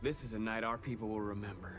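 An actor playing a calm, principled android leader man who gives orders in a measured, commanding way, in a video game. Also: lowish voice, close to an everyday voice. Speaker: game character. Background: loud game music.

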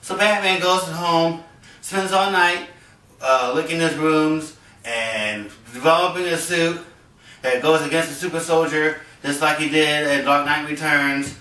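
A man hosting a homemade comic show, excitedly acting out a superhero fight with laughs. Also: a little high, unhurried, reverberant, recorded from a distance, low-quality recording. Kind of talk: excited toy fight play-by-play. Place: basement at home. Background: music playing.

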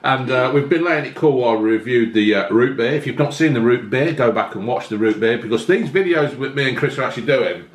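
English male host, blunt and sweary, animated delivery, roomy sound. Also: mid-range voice, fast, few pauses. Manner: blunt, sweary, laughing banter. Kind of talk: casual food review chat. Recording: echoey room with faint noise.

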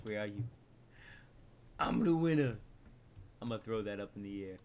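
A young man hosting a gaming video, casually commenting on his own play and yelling at setbacks. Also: fairly low pitch, normal speed. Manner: excitable, yells and laughs at setbacks. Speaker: gaming channel host.

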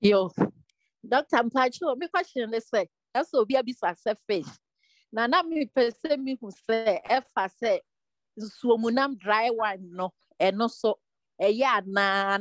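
A woman's voice: a little high, dry recording. A woman asking a speaker a question about food, hesitant and searching for her words.

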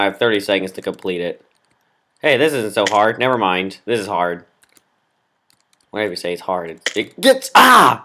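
A gameplay commentator who rages melodramatically at the game, groaning and yelling at every failure. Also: medium pitch. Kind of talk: raging let's-play commentary.

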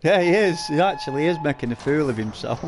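A man's voice: on the high side, expressive, fast, noisy background. Man teasing his chat. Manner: teasing, laughing, crude banter with viewers. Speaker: game streamer. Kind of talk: live gameplay commentary, reading chat.

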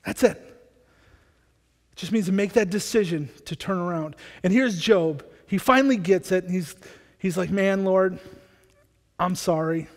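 Male pastor, lively casual preaching, higher voice, church hall echo. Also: a little slow, long pauses. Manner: energetic, conversational, frequent restarts. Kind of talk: sermon. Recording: long church hall reverb.

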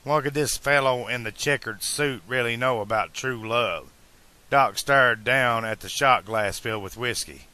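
Slow, bright-voiced male audiobook narrator. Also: mid-range voice.

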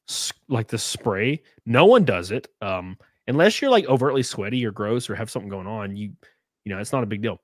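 A man's voice: fairly low pitch, dry recording, studio quality. A man hosting a podcast, telling stories in a rambling, profane way full of fillers and restarts. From US South. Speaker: podcast host. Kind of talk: casual chat.

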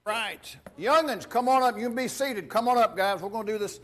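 A man's voice: high voice, a little fast, a bit bright. A man serving as pastor gives a playful children's sermon in a church. He asks the kids many questions and reads a storybook aloud. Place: church sanctuary.

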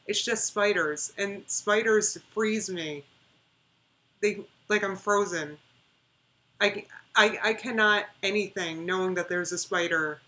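Bright-voiced chatty woman streamer. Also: mid-range voice, slow pace. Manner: chatty and emphatic, repeating words for stress. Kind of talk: casual reaction livestream chat.

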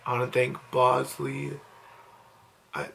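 A man's voice: medium pitch, little pitch movement, slow, gravelly, a bit bright, a little hiss or hum. A young man vlogging at home late at night, overwhelmed and teary with disbelief, just woken up. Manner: overwhelmed, emotional, breathless disbelief. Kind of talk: late-night excited selfie vlog.

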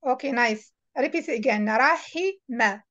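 A woman tutoring a beginner in reading, patiently repeating words slowly to model how they sound. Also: sits high, lo-fi sound. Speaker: Arabic tutor. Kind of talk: one-on-one reading lesson.

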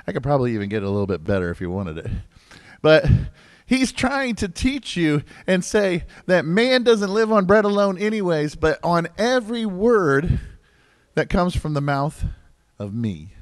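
A man preaching as pastor in a church service, conversational and joking, with asides to the congregation and wide swings between loud emphasis and low asides. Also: big pitch swings, moderate pace, no room sound. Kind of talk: sermon. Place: church sanctuary.

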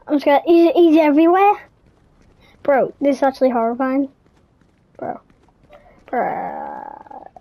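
High-voiced jumpy woman gamer. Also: normal speed, long pauses, no room sound, lo-fi sound. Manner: jumpy, startled exclamations. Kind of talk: casual horror game commentary.

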